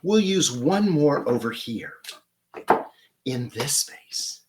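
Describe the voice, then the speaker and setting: Lively, upbeat man teaching flower arranging. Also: medium pitch, slow, heavy background noise. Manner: upbeat, enthusiastic instructional talk. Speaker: florist host. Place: home flower studio, indoors.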